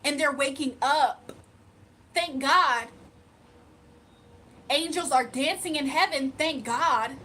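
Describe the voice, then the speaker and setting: A woman's voice: high voice, slow, pauses often, sharp tone, a little hiss or hum. A young woman hosting a livestream, making emphatic, repetitive points and talking straight to her chat. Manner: emphatic, repeats points, addresses chat directly. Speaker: livestream host. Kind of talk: heated livestream rant.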